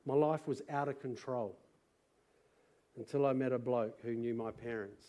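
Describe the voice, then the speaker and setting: A middle-aged Australian man preaching to a church congregation, moving from quiet personal testimony to loud rallying calls. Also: mid-range voice, fairly even intonation, moderate pace, highs cut off. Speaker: pastor. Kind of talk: sermon testimony. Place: church service.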